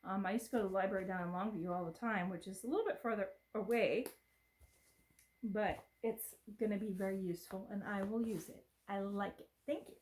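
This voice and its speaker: Her voice sits at medium pitch, a little mellow, and she talks fairly quickly. She's a middle-aged American vlogger unboxing gifts at home, chatting casually and drifting off topic a little.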